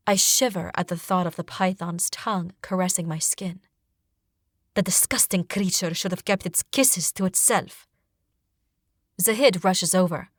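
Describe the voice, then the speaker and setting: A woman reading a fantasy novel in the first person as an audiobook narrator, expressive and dramatic, on a close studio mic. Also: fairly low pitch, unhurried, no echo.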